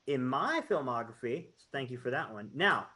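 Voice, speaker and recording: A man's voice: mid-range voice, lively intonation, moderate pace, sharp tone. A man hosting a film podcast in a casual, upbeat, joking way. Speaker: podcast host. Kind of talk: casual chat.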